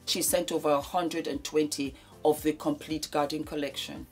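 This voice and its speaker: A woman's voice: low-pitched, little pitch movement, moderate pace, soft background music. A woman in her fifties giving an emotional speech, effusive and repeating her thanks over and over. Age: 50s. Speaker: beauty vlogger giving a thank-you speech.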